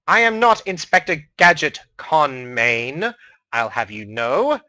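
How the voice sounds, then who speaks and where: A man's voice: on the high side, big pitch swings, slow pace, sharp tone, dry recording, exaggerated voice. A man voicing a pompous, flustered male studio announcer who stammers and protests. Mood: indignant.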